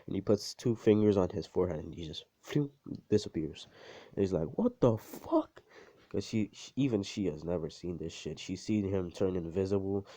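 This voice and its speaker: A young man with a deep, mellow voice talks briskly as he improvises a fan story, rambling and swearing with plenty of filler and slang. The home recording sounds dull and lo-fi.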